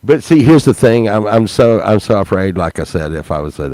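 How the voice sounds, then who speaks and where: A low-pitched man with a gravelly, creaky voice rambles casually to his online viewers. He talks unhurriedly, stacking up restarts and chuckles. The sound is dry and close. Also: brisk, hardly any pauses, dark tone, no room sound. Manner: rambling, repetitive, laughs mid-sentence. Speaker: YouTube vlogger. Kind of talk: rambling casual vlog chat.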